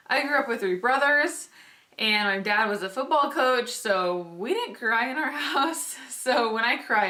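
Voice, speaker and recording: A heavily pregnant young vlogger talks casually to her camera in a bright, forceful, mid-range voice. She rambles chattily, saying "like" a lot, restarting her sentences and laughing as she goes.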